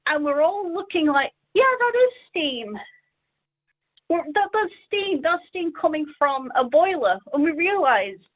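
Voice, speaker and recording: A woman calling in to a radio show, telling a childhood story in an animated way and acting out the voices. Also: sits high, dry recording. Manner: animated, acts out the quoted voices. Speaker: caller. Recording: dry tinny phone line.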